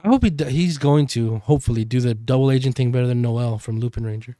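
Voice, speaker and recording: A man chatting through a TV episode recap on a podcast, rambling and filling pauses with "um"s. His voice sits in the middle range. The sound is close and dry. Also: medium pitch, mellow, dry recording. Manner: rambling, many fillers. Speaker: podcast co-host. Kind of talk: casual chat recapping a TV episode.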